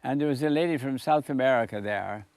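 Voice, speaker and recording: A man's voice: mid-range voice, fast talker, darkish tone, a little hiss or hum. A man telling folksy, joking stories about making telescopes, acting out the voices in his anecdotes. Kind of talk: storytelling talk.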